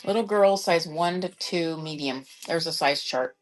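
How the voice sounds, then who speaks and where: This middle-aged reseller on a live shopping app has a low-pitched, unhurried voice. Chatting casually during her live-stream sale, she rambles and thinks aloud as she checks the sizes.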